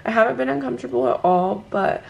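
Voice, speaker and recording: A young woman vlogging to her handheld camera at home, gushing and excited, teary and sleepy from just waking up. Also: on the high side, quick pace, vocal fry, dull audio. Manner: gushing, excited, says "like" a lot. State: teary and emotional. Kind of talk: casual vlog to camera.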